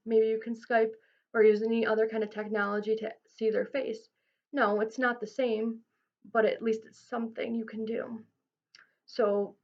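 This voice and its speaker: A woman's voice: on the high side, dull audio. A woman giving informal mental health advice to camera, earnest and reassuring, with frequent ums and restarts.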